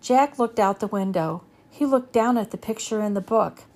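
A woman reads a children's chapter book aloud. Her delivery is steady and even, the way a storyteller keeps the tale moving. Her voice sits at a middle pitch for a woman. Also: moderate pace. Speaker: reader.

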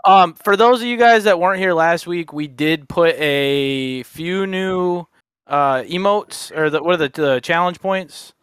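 A relaxed man hosting a casual chat, explaining things to viewers. His voice is smooth and a bit raised, with a dry close sound. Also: sits high, measured pace, dry recording. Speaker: host.

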